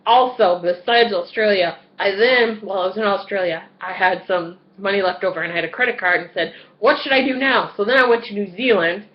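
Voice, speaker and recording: A woman's voice: medium pitch, a little fast, few pauses, lo-fi sound. A woman in her twenties telling a story in a casual vlog, swearing freely and acting out the other people's lines and her own screams. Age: 20s. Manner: animated, profane, acts out voices and screams. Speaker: vlogger.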